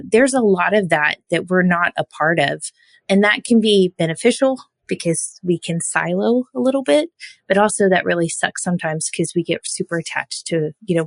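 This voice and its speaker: A woman hosts an interview, talking in a relaxed and chatty way full of fillers as she leads into her questions. Her voice sits fairly low, and the sound is dry and close to the mic. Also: no echo. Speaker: podcast host, surgical technologist. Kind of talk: conversational interview.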